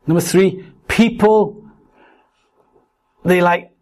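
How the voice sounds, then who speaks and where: Middle-aged guy preaching, fairly high voice, tells stories and acts out every line. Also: extremely slow. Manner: animated storytelling, acts out quotes. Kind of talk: sermon with personal stories.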